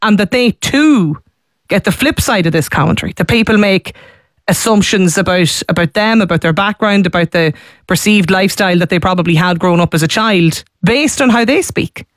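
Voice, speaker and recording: A woman with a Donegal accent hosting a radio discussion, talking with hesitant restarts and quick asides. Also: mid-range voice, no room sound, clean studio sound. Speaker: radio show host.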